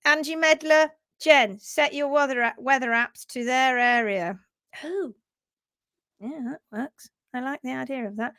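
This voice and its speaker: High-voiced chatty woman hosting a livestream. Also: unhurried, a bit bright, dry recording. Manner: chatty, upbeat, reads out viewer comments. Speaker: host and hoof care teacher. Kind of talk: casual livestream chat.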